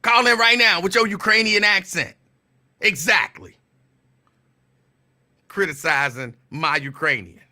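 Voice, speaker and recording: A male call-in radio host with a high, very bright, sharp voice. He talks in an unhurried way, teasing listeners, laughing often and repeating his lines. At times he slows down to read a definition out deliberately. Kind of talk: casual call-in radio talk.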